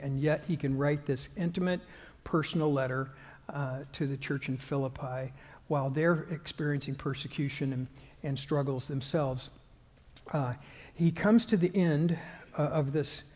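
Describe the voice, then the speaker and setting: A male pastor giving a conversational sermon, halting with fillers and restarts and growing more emphatic as he goes. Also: on the high side, a little mellow, in a large hall.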